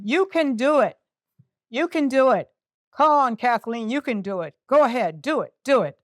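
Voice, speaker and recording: A woman's voice: medium pitch, dry recording, studio quality. An older woman telling an emotional personal story on stage, candid and self-mocking. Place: community center event.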